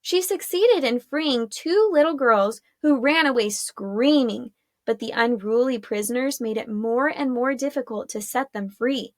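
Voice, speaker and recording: A woman narrating a chapter of a fantasy story in a steady storytelling manner. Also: on the high side, a little slow, dry recording, studio quality. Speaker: audiobook narrator. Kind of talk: scripted narration.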